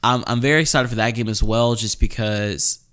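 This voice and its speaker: A man's voice: mid-range voice, steady tone, fairly quick, a bit bright, smooth. A young man hosting a podcast, talking casually, with frequent restarts and repeated words. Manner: hesitant, repeats words, lots of fillers. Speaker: podcast host. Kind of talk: casual chat.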